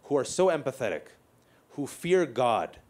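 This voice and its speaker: A man leads a live panel discussion. His pitch sits mid-range for a man, and he talks with rhetorical force. He builds lists into crescendos and lightens the mood with quick asides. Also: very animated, a little mellow. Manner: impassioned, rhetorical, with quick jokes. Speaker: panel moderator.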